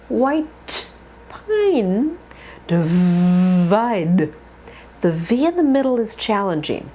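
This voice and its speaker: A woman teaching a pronunciation lesson, modeling long drawn-out words and giving short coaching tips. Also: medium pitch, sing-song, dark tone, slight background noise. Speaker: accent coach.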